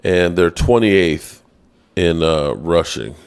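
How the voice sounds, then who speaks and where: Gravelly, slow-talking man hosting live chat. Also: animated. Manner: playful, self-mocking, chatty; voice leaps high when exasperated. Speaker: sports podcast host reading live chat. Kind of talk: casual live-stream sports talk.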